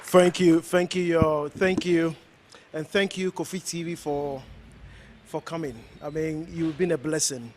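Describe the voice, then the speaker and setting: A man's voice: a little high, fairly even intonation, a little slow, slight background noise. A man from Ghana, a pastor, giving an earnest, exhorting speech to a gathering, repeating himself as he goes. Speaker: pastor hosting an honoring event.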